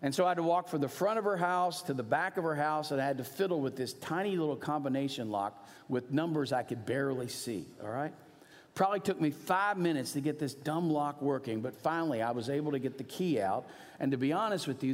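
Middle-aged male pastor, mid pitch, earnest sermon storytelling, long reverb of a church hall. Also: a little fast. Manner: earnest storytelling, swings from animated to hushed.

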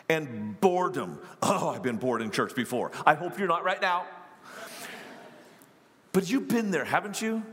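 A man preaching a sermon as a pastor, telling stories in quick bursts with asides to the congregation. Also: sits high, a bit bright, big-room sound.

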